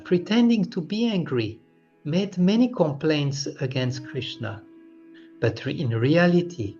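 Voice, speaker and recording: Man, devotional story reading, slow deliberate pace, animated pitch, dull lo-fi sound. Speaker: scripture reader. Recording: dull lo-fi recording with faint music.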